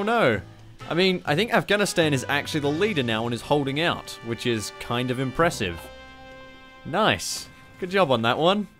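A man with an Australian accent giving casual, sweary, excitable commentary while playing a strategy game on a close mic. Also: on the high side. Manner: sweary, excitable, sarcastic asides. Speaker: gaming YouTuber.

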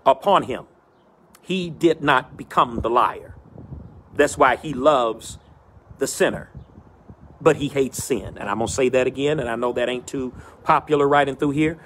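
A man's voice: medium pitch, fairly bright tone, breathy edge. A middle-aged man preaching a sermon as pastor, in a rhythmic, repetitive cadence, outdoors in the wind.

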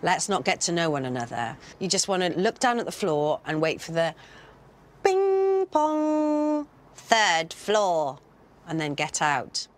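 A woman's voice: deep voice, expressive, fairly quick, hardly any pauses. Chatty woman telling an anecdote. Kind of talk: casual anecdote.

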